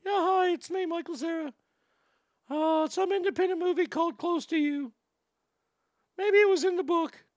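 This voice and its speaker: Mocking falsetto lampoon of a timid, awkward young man, put on by a male host, mumbled and dry. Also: moderate pace, pauses often, no echo. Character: mocking impression of a shy young male actor.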